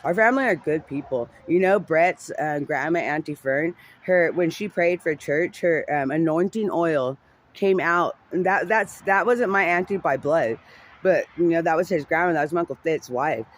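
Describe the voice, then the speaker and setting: A man's voice: on the high side, normal speed. A man telling a heated personal family story, rambling and profane, full of fillers and restarts.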